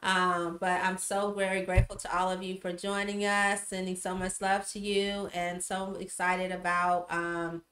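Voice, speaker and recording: A woman's voice: fairly low pitch, completely flat delivery, measured pace, few pauses, echoey room. A woman hosting a casual livestream, greeting viewers by name with many fillers. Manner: warm shout-outs to viewers, many fillers. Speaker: livestream host.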